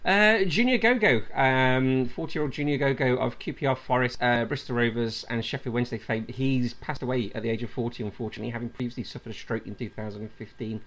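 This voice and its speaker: A man's voice: mid-range voice, quick pace, few pauses, fairly bright tone. A man hosting a casual football podcast, teasing his co-hosts and reading out results with small stumbles. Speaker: podcast host.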